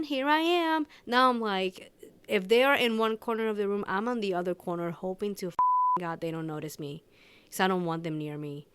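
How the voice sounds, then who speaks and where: In an unscripted personal monologue on her own podcast, a woman tells candid stories with animation, laughing and performing snippets of dialogue. She has a smooth, mid-range voice, and the recording has no echo.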